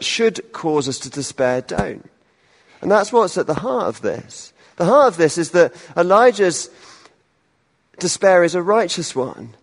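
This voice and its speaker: A man's voice: a little high, long reverb tail. Conversational male minister preaching. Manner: self-deprecating humor, conversational asides. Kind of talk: sermon. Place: church.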